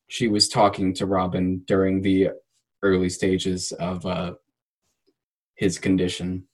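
A young man, a podcast guest, telling personal stories in casual chat, reflective and earnest, with bursts of animated laughter. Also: low-pitched, rough recording.

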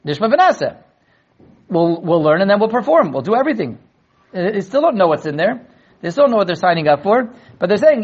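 Animated man teaching a Talmud class. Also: high voice, husky, highs cut off. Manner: animated, acts out quoted dialogue; repeats words in quick restarts. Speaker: Torah teacher.

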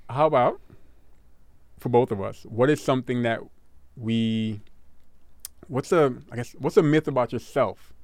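Rambling man in relaxed couple chat. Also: medium pitch, measured pace, long pauses, dry recording. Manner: rambling, repeats words, laughs often.

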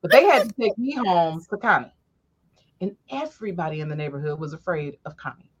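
A woman telling animated, profane stories from her youth in a casual chat. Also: fairly low pitch, fairly quick, husky. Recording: dull lo-fi audio.

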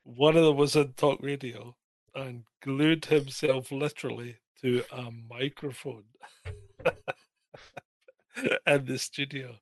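A man's voice: mid-range voice, fairly even intonation, takes it slowly, long pauses, no room sound, studio quality. A man co-hosting a podcast, agreeing often and telling a story with laughter in casual chat. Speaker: podcast co-host.

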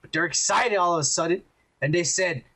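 A man's voice: high-pitched, a little fast, pushed and bright. Rambling, profane man on a podcast. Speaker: podcast co-host. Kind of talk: casual chat.

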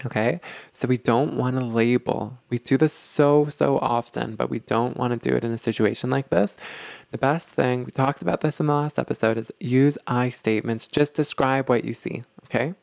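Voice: mid-range voice, steady tone, normal speed, creaky, a little mellow, no room sound. A teacher of a relationship series explaining things step by step, often stopping to check in with "okay?". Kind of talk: explanatory lesson talk.

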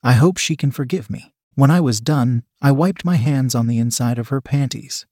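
A man narrates a first-person adult story in a steady, plain reading voice at a middle pitch. The recording is dry and close, with no room sound. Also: moderate pace, no echo.

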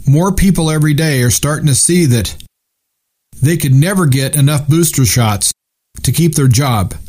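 A man's voice: fairly high pitch, darkish tone. A man sitting in as guest host on a talk radio show, delivering earnest, opinionated commentary in long run-on sentences.

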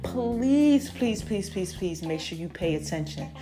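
A woman hosting her own podcast, giving a casual, lively update to her followers and calling them y'all and baby. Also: mid-range voice, measured pace, over music. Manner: lively, chatty, calls listeners y'all and baby. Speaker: podcast host.

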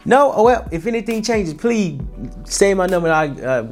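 A nervous young cold caller with a squeaky, kid-like voice, pitched far up and eager to please, as a man puts him on. He stays overly polite even when the answer is no, with a lifted, bright delivery. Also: moderate pace, faint music behind.

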